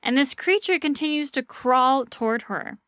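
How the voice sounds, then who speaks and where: Animated woman telling a spooky story. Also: sits high, moderate pace, dry recording, clean studio sound. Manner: animated, swears casually, acts out reactions. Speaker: podcast host telling a ghost story. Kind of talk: casual storytelling chat.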